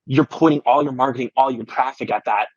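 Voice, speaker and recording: A man's voice: medium pitch, fast, slightly rough, no room sound, lo-fi sound. A man co-hosting a podcast over a video call, speaking eagerly in casual chat and restarting his sentences. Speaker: podcast co-host.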